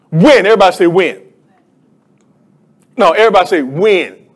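High-voiced preaching pastor. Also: male voice, expressive, brisk, long pauses. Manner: call-and-response preaching, rising to emphatic declarations. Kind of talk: sermon.

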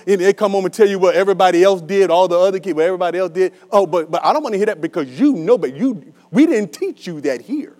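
A man preaches to his church in a strikingly high voice. He talks back and forth with the room, rising loud and dropping soft. A low mains hum sits under the recording. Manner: animated call-and-response preaching, swinging loud and soft. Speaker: pastor. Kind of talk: sermon. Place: church hall with a congregation.

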